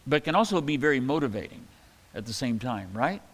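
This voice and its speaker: A man preaching a sermon in a relaxed, conversational way, reading scripture aloud and adding casual asides. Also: mid-range voice, fast talker. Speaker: pastor. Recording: hall reverb.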